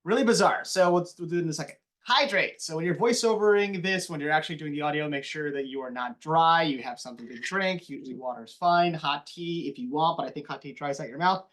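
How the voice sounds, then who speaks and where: A man who works as a TV news anchor, giving a casual classroom lecture on voiceover with animated, quick talk and a slight mumble. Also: on the high side.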